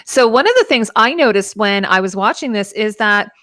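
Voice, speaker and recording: A woman's voice: mid-range voice, lively intonation, a little fast, fairly bright tone, no echo, clean studio sound. A woman hosting a live costume show, explaining garments in casual chat with frequent fillers.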